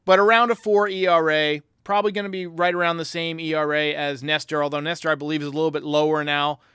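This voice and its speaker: A man hosting a sports podcast, giving an excitable casual game recap and talking straight to his viewers. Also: on the high side, fast talker, smooth, no echo, clean studio sound. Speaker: podcast host.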